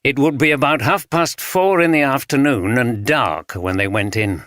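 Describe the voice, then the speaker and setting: A kindly police detective who speaks gently and reassuringly, read by a male audiobook narrator. The voice is bright and clear, recorded dry and close. It stays near the narrator's own tone. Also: medium pitch, normal speed, no echo, pitched above the performer's own voice, close to an everyday voice. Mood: gentle.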